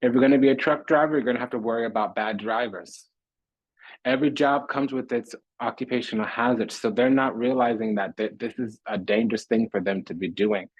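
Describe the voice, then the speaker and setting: A man's voice: mid-range voice, fairly quick, husky, no room sound, lo-fi sound. A man giving a spiritual tarot reading monologue, preaching in repetitive, rhythmic lists. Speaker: tarot reader.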